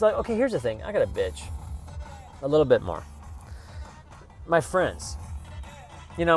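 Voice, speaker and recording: Man, mid pitch, profane rambling rant, faint music behind. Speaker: vlogger. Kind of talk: casual rant to camera.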